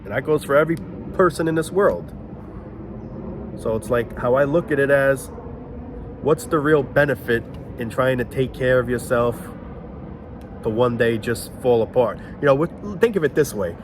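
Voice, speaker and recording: A man's voice: medium pitch, moderate pace, long pauses, background noise. Rambling man talking outdoors. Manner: rambling, searches aloud for words. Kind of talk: casual monologue. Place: outdoors near planes and traffic.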